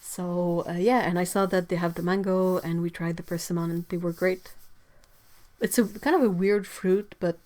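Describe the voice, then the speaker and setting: A young woman with a stuffy nose, hosting a casual livestream from her home art studio. She chats and giggles, reads out viewer comments, and trails off into soft asides. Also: fairly low pitch, fairly even intonation, normal speed. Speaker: livestream host.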